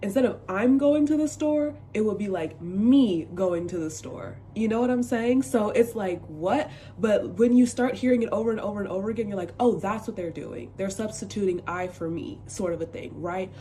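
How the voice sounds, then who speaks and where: A young woman from the United States talking casually to camera, chatty and expressive with sassy asides and lots of fillers. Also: mid-range voice, brisk, hardly any pauses, slight background noise. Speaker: vlogger.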